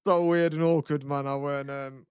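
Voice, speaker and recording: A man's voice: steady tone, normal speed, darkish tone, clear, resonant tone, no echo, studio quality. A young man co-hosting a podcast, swearing casually and laughing often. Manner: sweary, laughs often, mimics others in high voice. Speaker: podcast co-host. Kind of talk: casual chat.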